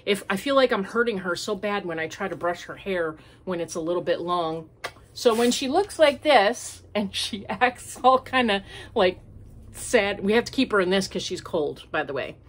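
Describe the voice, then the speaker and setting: A woman's voice: mid-range voice, lively intonation, normal speed. A woman chats casually as the host of a homemade crafting podcast. She rambles and wanders through her thoughts. She speaks from home, in an easygoing, unscripted way. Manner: chatty and rambling, with many fillers. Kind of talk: casual chat.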